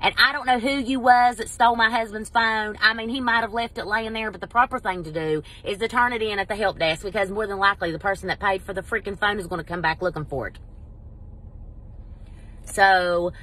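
A middle-aged woman telling a story in a casual vlog, animated and exasperated. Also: medium pitch, fairly quick. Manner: animated, exasperated, quotes people in voices. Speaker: vlogger.

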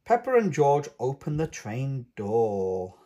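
A man reading a children's picture book aloud in an expressive way. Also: medium pitch. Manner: slow, expressive and lively. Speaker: storybook reader. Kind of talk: children's read-aloud narration.

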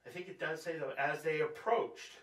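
Captured on a distant mic in an echoey church room, a man preaches at a Bible study at normal speed, his fairly high, slightly bright voice fairly even. He's conversational and joking, asking his audience questions as he goes.

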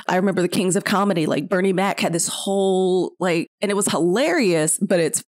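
A woman from Mississippi speaks candidly on a casual chat podcast. She thinks out loud and draws out her phrases, in a voice that sits somewhat low. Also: no echo, clean studio sound. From Mississippi, USA. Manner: reflective, candid, drawn-out phrasing. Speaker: podcast co-host, parent.

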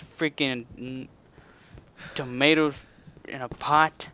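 A man's voice: medium pitch, fairly even intonation, takes it slowly, bright, forceful tone, clear, resonant tone. A man commenting on his own gameplay, muttering and cursing at the game in frustration. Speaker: gaming channel host. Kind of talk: let's play commentary.

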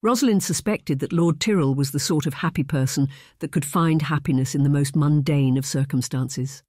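A measured, even audiobook narration delivered close to the mic in a dead-dry space. The voice sits at a middle pitch and tells the story at a steady pace. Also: dry recording.

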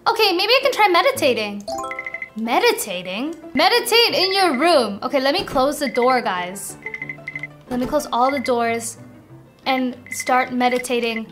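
A young woman with a very high voice, commenting on her gameplay in an unhurried, excitable way. She reads the on-screen lines aloud and chats to her viewers. Game music plays clearly behind her. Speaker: gaming video host.

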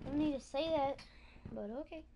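A woman streaming a video game at home, talking casually and excitably, trash-talking her opponent with frequent loud outbursts. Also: high-pitched, moderate pace, dull audio, very noisy. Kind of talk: casual live-stream commentary while gaming. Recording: background music over voice. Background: music playing.

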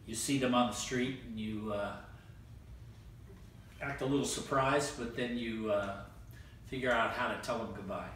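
An older man hosting a casual oldies chat, relaxed and rambling, pausing often to think. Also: mid-range voice. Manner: relaxed, rambling with frequent "uh" pauses. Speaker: host. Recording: echoey room, distant mic, music underneath.

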